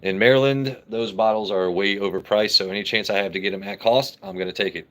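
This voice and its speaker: A man's voice: lowish voice, fairly even intonation, fast, bright, forceful tone. A man hosting a casual live stream, reading comments aloud, joking brashly and swearing freely. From United States. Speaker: livestream host.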